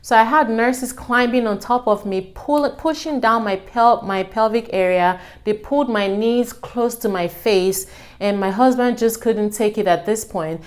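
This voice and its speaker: A young adult woman casually telling her own story to her viewers, acting out what people said with a raised voice. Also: measured pace. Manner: animated, acts out quotes with raised pitch.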